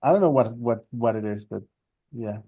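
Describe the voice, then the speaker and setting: A man with a Mexican accent talking in a casual live audio chat, pausing and searching for words. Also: medium pitch, warm tone, slightly rough.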